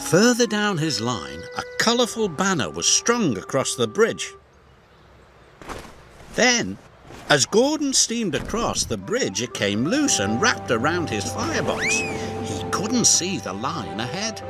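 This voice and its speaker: A man narrates a toy-train story in a slow, deliberate storybook voice. His pitch moves a lot up and down as he tells it. Clear background music plays behind him the whole time. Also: wildly swooping pitch.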